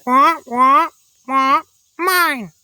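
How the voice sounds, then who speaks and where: Rude storybook parrot, shrill squawk, very high, bright and screechy. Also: male voice, drawn-out words, full character voice.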